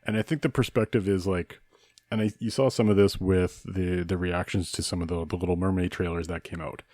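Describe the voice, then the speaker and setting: Deep-voiced man thinking aloud. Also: steady tone, brisk, a little mellow, no room sound. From Saskatchewan, Canada. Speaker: podcast co-host. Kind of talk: casual discussion.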